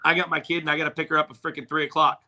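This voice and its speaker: A man co-hosting a casual chat, firing off quick, pushy questions. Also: a little high, flat delivery, bright, forceful tone. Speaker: co-host.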